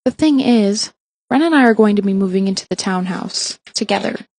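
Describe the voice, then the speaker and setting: A woman's voice: mid-range voice, lively intonation, normal speed, a little mellow. A woman voicing a prim, smug young woman who talks sweetly but condescends. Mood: cooing.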